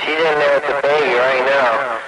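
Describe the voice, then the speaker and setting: A man's voice: medium pitch, steady tone, moderate pace. A man mocking and brushing off another caller in a radio argument. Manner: mocking, dismissive. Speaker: CB radio user. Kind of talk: trash-talking radio banter. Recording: noisy radio transmission.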